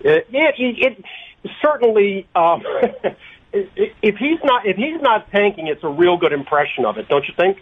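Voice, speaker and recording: A man answering radio interview questions by phone, halting, with many ums and restarted phrases. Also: sits high, lively intonation. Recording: tinny phone line.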